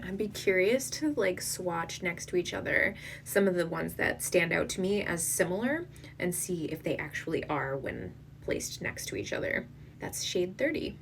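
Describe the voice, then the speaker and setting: A woman's voice: lowish voice, animated, recorded from a distance, a little hiss or hum. A woman reviewing an eyeshadow palette, gushing and emotional, often dropping to a whisper and tearing up. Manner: gushing, emotional, slow and breathy, dips into whispers. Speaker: beauty vlogger. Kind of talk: makeup swatch review.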